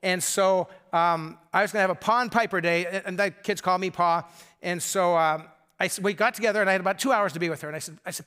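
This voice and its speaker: An older man, a grandfather, preaching a sermon in a conversational, storytelling way that often drops to soft, intimate tones. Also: high voice, fast, clear, resonant tone. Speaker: pastor.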